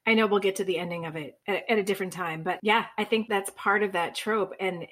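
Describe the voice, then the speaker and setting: A woman co-hosting a podcast, speaking in a thoughtful, measured way. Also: medium pitch, a bit bright. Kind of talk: casual podcast chat.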